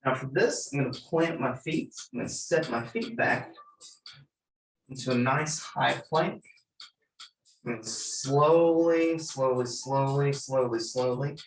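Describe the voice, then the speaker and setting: A man in his thirties leading a gentle yoga class, giving calm cues for breath and movement with light joking asides. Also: medium pitch, measured pace, vocal fry, pauses often. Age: 30s. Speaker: yoga instructor. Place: church room. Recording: roomy, from far off the mic.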